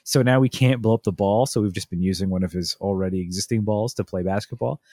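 A podcast co-host with a fairly low, mellow voice talks fast in casual chat, spinning long stories full of restarts and asides. The sound is clean studio quality with no echo.

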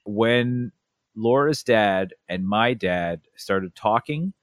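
A young man telling family stories in a relaxed chat, acting out a toddler's lines with lots of energy. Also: lowish voice, extremely slow, dry recording. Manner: animated storyteller, acts out a toddler's voice. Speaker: podcast co-host. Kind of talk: casual storytelling chat.

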